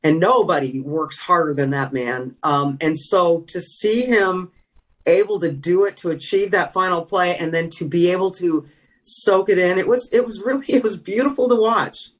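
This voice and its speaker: A woman's voice: lowish voice, normal speed. A middle-aged woman from California, a former sideline reporter being interviewed, telling stories earnestly with frequent restarts. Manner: earnest storytelling, trailing restarts. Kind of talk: emotional reflective interview talk.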